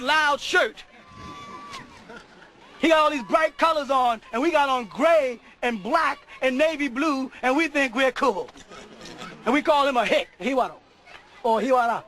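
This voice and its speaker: A middle-aged man preaching a sermon to a live audience, often shouting and laughing. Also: very high voice, low-quality recording.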